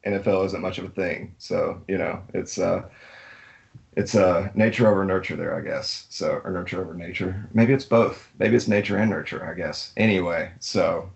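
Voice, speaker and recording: A man's voice: low voice, steady tone, normal speed, gravelly, slightly rough. A man from Alabama, a podcast guest, chatting casually in a laid-back, rambling way and laughing easily. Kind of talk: casual chat.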